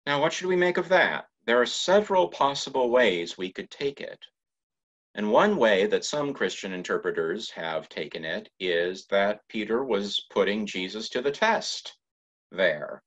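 A man preaching a sermon as a guest pastor in a church, in a measured, reflective way with pauses. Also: lowish voice, expressive, a bit bright, muffled recording. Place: church sanctuary.

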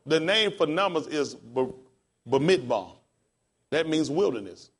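A pastor teaching a class in a casual, encouraging way, spelling words out letter by letter. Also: male voice, on the high side, big pitch swings, measured pace, husky.

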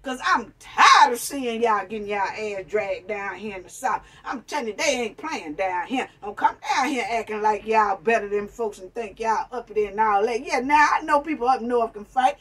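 Profane, ranting high-voiced woman. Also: moderate pace, few pauses, a bit bright, breathy edge, recorded from a distance. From New York. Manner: blunt, profane, preachy, addresses viewers as family and honey. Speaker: commentary vlogger. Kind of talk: ranting commentary.

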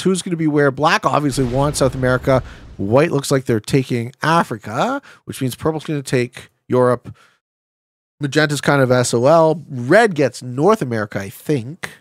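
Excitable man commentating a game, dry close sound. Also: fairly high pitch, no echo. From Canada. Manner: excitable, laughs often, swears, bursts into loud shouting. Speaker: streamer playing an online strategy board game.

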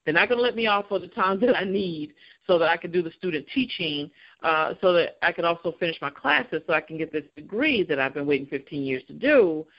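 A woman recounts her own story as an interview guest. She is animated, laughs often, and slips into the voices of the people she describes. The recording sounds muffled and lo-fi. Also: on the low side, brisk. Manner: laughs often while talking.

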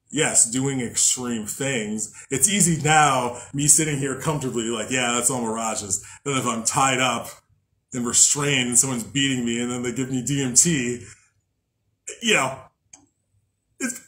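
A man's voice: mid-range voice, fairly bright tone, rough recording. A man hosting a podcast in a loose, profane, joking casual monologue. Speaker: podcast host. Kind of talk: casual monologue on spiritual practice.

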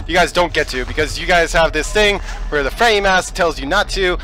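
High, bright, excitable gaming man. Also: fairly quick, faint music behind, rough recording. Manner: excitable, swearing, yelling at the game. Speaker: let's play host. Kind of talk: let's play commentary.

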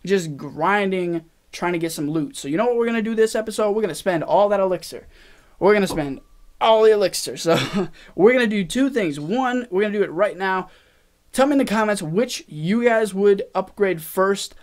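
A young man with a high, bright voice talks over his gameplay. He is excitable and rambling, addressing his viewers directly as he plays and reacting to each attack. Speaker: gaming channel host. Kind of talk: casual gameplay commentary. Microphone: face cam.

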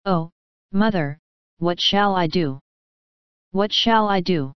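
A woman's voice: lowish voice, slow, clean tone, dry recording, dull audio. A woman voicing a remorseful, hot-tempered teenage girl who pleads through tears in a storybook reading. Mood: despairing. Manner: pleading, tearful.

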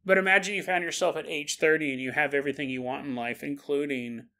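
A man hosting a podcast, telling a spooky story in a casual, animated way and often laughing at his own jokes. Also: a little high, fast talker, few pauses. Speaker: podcast host.

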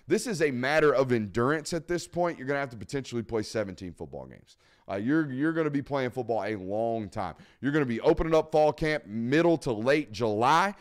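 A man hosting a live sports talk show, emphatic and blunt, repeating points for stress. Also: mid-range voice. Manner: blunt, casual swearing. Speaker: podcast host.

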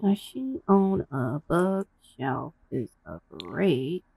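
A woman commentating casually on her own gameplay, gasping and voicing the characters in quick asides. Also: low voice, sing-song, vocal fry, a little mellow, slightly rough, no echo, rough recording. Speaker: gameplay streamer. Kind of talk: casual let's-play commentary.

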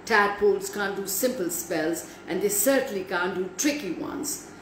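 A woman's voice: medium pitch, moderate pace, background noise, natural voice. A woman doing a stern old bearded sorcerer. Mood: snapping. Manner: snapping, threatening. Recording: roomy echo.

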